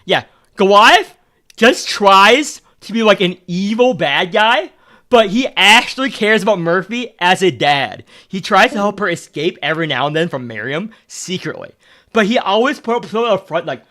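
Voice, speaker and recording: A man's voice: sits high, lively intonation, normal speed, sharp tone. A young man streaming a game, ranting in a blunt, profane, repetitive way. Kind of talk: casual stream commentary.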